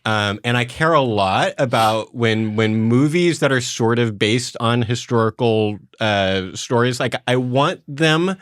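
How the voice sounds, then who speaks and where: A man hosting a church podcast, explaining things in animated, rambling casual chat. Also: mid-range voice, measured pace, hardly any pauses, dry recording, clean studio sound.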